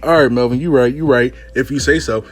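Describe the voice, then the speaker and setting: A man's voice: mid-range voice, fairly quick, faint music behind, voice pushed down, lightly acted. A man voicing an emotional young woman client who pleads and defends herself. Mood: defensive.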